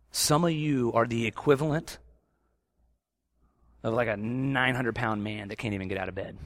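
A man preaching a sermon, swinging between loud emphatic stretches and quiet, intense asides. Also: mid-range voice, no echo. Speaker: pastor.

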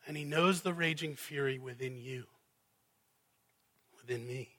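A man preaching a sermon, rising to loud emphatic peaks and dropping to quiet, intimate asides. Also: medium pitch, a little slow, long pauses, husky.

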